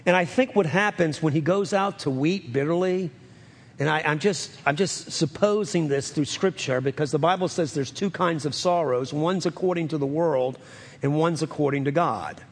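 A man preaches from the pulpit with a husky, fairly high voice that swings widely as he acts out the scripture's lines. The sound carries a long reverb from a church hall. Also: moderate pace. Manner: animated, acts out scripture dialogue. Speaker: pastor. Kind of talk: sermon.

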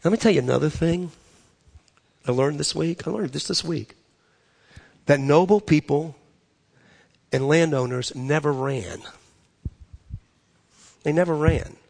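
A man preaching a sermon in an animated way, repeating phrases for emphasis. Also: on the high side, a little slow, creaky, pauses often. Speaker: pastor.

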